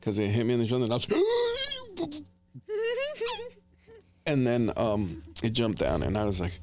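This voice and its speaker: A middle-aged man from New Jersey hosting a casual family chat, telling hunting stories in an animated way with gasps and laughter. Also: on the low side, fast. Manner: animated, laughing storyteller with gasps and whispered asides. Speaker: podcast host, father.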